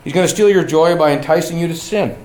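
A man's voice: a little high, quick pace, a little mellow. Earnest preacher man in an echoey room. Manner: earnest, rising to emphatic exhortation. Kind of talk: sermon.

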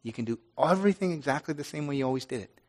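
A middle-aged pastor speaking earnestly and haltingly to his congregation, with many restarts. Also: a little high, lively intonation. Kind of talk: informal devotional talk to a congregation.

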